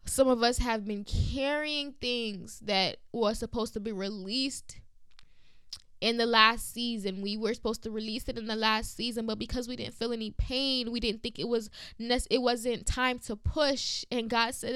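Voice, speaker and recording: A woman preaching an impassioned sermon, repeating phrases and slowing down for emphasis. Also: a little high, fairly bright tone, clean tone, no room sound.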